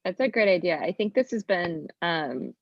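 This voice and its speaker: A woman's voice: fairly low pitch, lively intonation, dry recording. A woman parent talking hesitantly over a video call, with many restarts. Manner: hesitant, halting with repeated restarts. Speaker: parent asking questions. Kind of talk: casual conversation. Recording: dull lo-fi dry sound.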